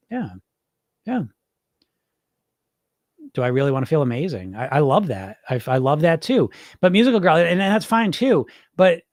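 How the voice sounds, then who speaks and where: A man's voice: mid-range voice, dry recording, clean studio sound. A man hosting a live weight loss podcast as a hypnosis coach, blunt and emphatic, swearing freely and answering viewer comments in casual talk.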